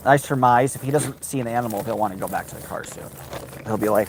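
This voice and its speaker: This livestream host rambles casually from a riverside spot, now and then breaking into sing-song talk aimed at his dog. He's a fast talker with a medium-pitched voice, captured in a low-quality recording with a little hiss or hum.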